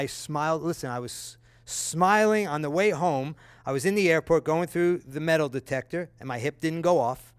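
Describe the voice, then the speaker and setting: A man's voice: mid-range voice, no echo. Conversational male pastor, dry close sound. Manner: conversational preaching with animated storytelling. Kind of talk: sermon.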